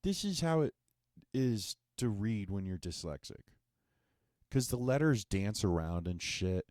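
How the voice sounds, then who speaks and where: Deep-voiced man on a profane rant. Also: expressive, unhurried, a little mellow, no echo, studio quality. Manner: profane, sarcastic and exasperated. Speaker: podcast host. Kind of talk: ranting comedic monologue.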